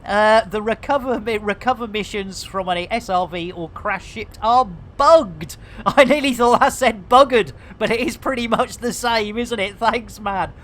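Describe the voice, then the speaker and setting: A woman's voice: mid-range voice, measured pace, few pauses. Cheeky, sweary English woman streaming a game. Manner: cheeky, sweary banter full of British slang and rhyming slang; chatty, talks to viewers and reads chat aloud. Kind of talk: casual live-stream commentary.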